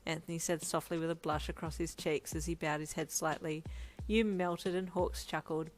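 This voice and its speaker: A woman reading a second-person fan story aloud with lively, expressive narration. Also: deep voice, normal speed, faint music behind, poor audio. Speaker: fanfic narrator.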